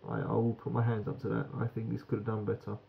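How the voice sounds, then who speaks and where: A man's voice: lowish voice, completely flat delivery, quick pace, gravelly, dull audio. A British man giving a frank, rambling beer review that swears casually.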